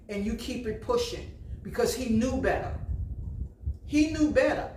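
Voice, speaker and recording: A woman's voice: on the high side, darkish tone, slight background noise. Blunt, emphatic woman over fifty delivering a vlog lecture; roomy echo, light ambience. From New Jersey. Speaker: vlogger. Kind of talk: casual monologue. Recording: echoey room with faint ambience.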